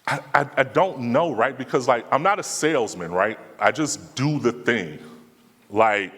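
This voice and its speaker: A man's voice: mid-range voice, animated, a little slow, fairly bright tone, slightly rough. A man speaking casually in slang, answering audience questions at a live talk. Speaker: conference speaker. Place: conference hall. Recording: long hall reverb.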